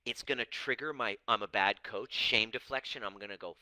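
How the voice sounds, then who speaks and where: Man, coach, blunt, swears freely, acts out quotes, bright forceful voice, very dry sound. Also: mid-range voice, moderate pace, no room sound, poor audio. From Persian background. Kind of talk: casual talk to camera.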